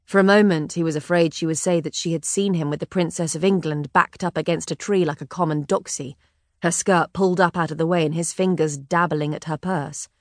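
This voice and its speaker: A woman narrating a historical novel in a measured, even way. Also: low voice, no room sound, clean studio sound. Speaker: audiobook narrator. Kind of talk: scripted narration.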